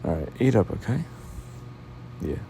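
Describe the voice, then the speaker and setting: A tired man yawning constantly while speaking softly and sweetly as a doting boyfriend in a whispered role-play, drifting into whispers. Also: sits low, big pitch swings, moderate pace, a little hiss or hum, low-quality recording. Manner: soft-spoken, affectionate, drifting into whispers.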